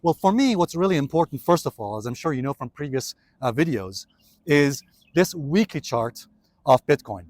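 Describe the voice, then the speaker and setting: A man talking viewers through charts in a casual vlog, his voice on the higher side and recorded dry and close. He keeps it chatty, calling his audience guys, as he strolls outside. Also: very animated, moderate pace, darkish tone, no echo. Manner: chatty, explains step by step, addresses viewers as guys. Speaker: trading video host. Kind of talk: casual market commentary vlog. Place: outdoors on city streets.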